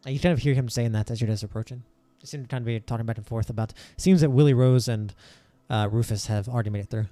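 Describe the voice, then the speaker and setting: Male game master, warm dark voice, casual halting narration, dry sound. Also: mid-range voice, no room sound. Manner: relaxed, halting with many fillers.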